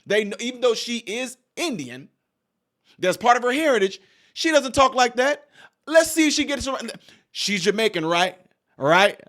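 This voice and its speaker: A man's voice: very high voice, moderate pace. A man hosting his own channel, giving casual, jokey political commentary full of asides. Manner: animated, digressive, jokey. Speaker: channel host.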